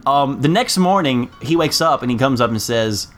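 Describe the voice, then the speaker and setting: A young adult man telling a funny story on a casual podcast, jumping up in pitch to mimic other people. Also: moderate pace, hardly any pauses, faint music behind. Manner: animated storyteller, jumps high to mimic people. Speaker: podcast co-host.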